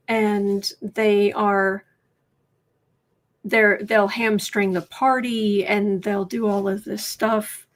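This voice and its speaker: Slow-talking woman hosting a livestream. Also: mid-range voice. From United States. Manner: halting, repeats and restarts, reads viewer chat aloud. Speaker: tarot livestream host. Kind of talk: casual livestream chat.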